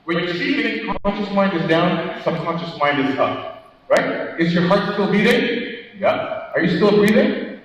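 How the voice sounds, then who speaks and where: A man giving a motivational keynote talk at a conference, animated, putting questions to the audience and acting out quotes. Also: high voice, unhurried. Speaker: keynote speaker. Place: large conference hall. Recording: echoey hall, distant mic, dull sound.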